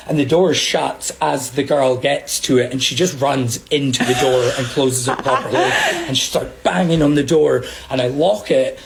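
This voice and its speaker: A man telling a story about a chaotic shift at work in a casual, animated way. He laughs often and acts out the other people's lines. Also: mid-range voice, normal speed, creaky, hardly any pauses, slight background noise. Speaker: storyteller recounting a work incident.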